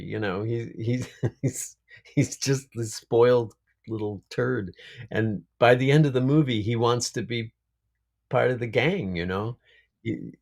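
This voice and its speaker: A man, an actor being interviewed, speaking in an unhurried, reflective way and laughing often over a video call. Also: mid-range voice. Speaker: actor guest. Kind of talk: casual interview chat.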